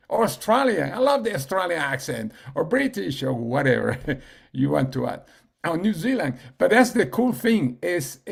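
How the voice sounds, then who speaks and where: A man giving a casual team training talk on a video call, halting, with many fillers and restarts. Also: high-pitched, creaky, husky. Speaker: team leader and coach.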